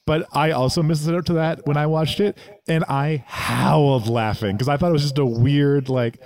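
A man cohosting a casual chat, telling stories in a relaxed way and laughing often. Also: fairly high pitch, moderate pace. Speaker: podcast co-host.

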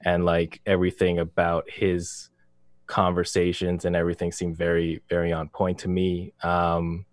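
Deep-voiced man giving a measured review. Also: completely flat delivery, no echo. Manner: measured, analytical. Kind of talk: casual podcast chat.

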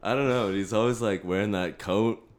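A man with a low voice trading improvised jokes as a podcast co-host. He riffs playfully, often breaking into laughter. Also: moderate pace, slight background noise. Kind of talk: improvised comedy banter.

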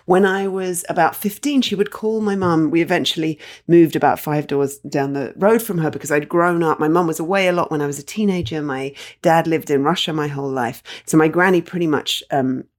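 A woman's voice: deep voice, a little fast, few pauses. A woman telling a personal family story in a candid, wry, conversational way.

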